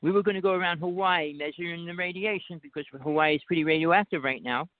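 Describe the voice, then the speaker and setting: A man's voice: fairly high pitch, fast talker, no room sound. Insistent man with a Jersey accent on a phone line. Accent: New Jersey. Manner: rambling, insistent storytelling. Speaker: guest. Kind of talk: casual call-in talk.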